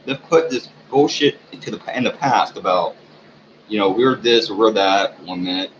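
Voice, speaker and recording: A man ranting in a rambling, profane monologue for his channel, halting often with fillers. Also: fairly low pitch. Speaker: channel owner. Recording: dull lo-fi recording with faint hiss.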